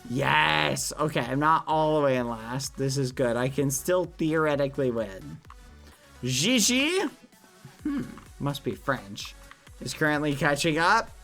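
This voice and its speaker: A young man streaming a game and talking to his chat, excitable, shooting up high when surprised and swapping swears for silly words. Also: moderate pace, gravelly, hardly any pauses, soft background music.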